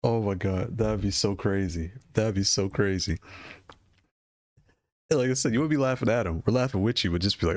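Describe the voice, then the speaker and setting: Guy rambling about fight stick prices, keeps repeating stuff and laughing, low voice, dry mic. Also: brisk, dry recording. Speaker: gaming hardware streamer. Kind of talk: casual product commentary.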